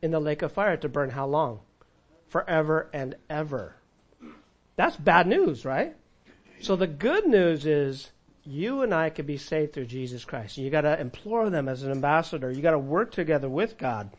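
Man, pastor, sermon, raised pitch, calls out to congregation, loud then hushed. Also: lively intonation, normal speed. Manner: preaching with audience call-and-response, dramatic volume swings.

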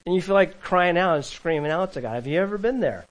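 A man preaching a sermon as pastor, swinging from loud, emphatic calls to quiet asides and chuckling between points. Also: sits high, lively intonation, quick pace, poor audio.

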